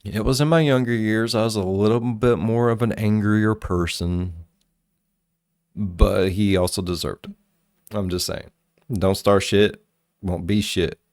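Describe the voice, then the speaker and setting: Deep-voiced man telling stories, dry sound. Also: unhurried, no echo. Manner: profane, rambling and animated. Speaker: reaction video host. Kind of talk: casual storytelling commentary.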